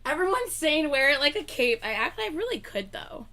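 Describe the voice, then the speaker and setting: A woman's voice: sits high, big pitch swings, normal speed, pushed and bright. A young woman co-hosting a livestream, chatting casually and rambling with lots of filler words. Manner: rambling, lots of "like" fillers, laughs between lines. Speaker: livestream co-host.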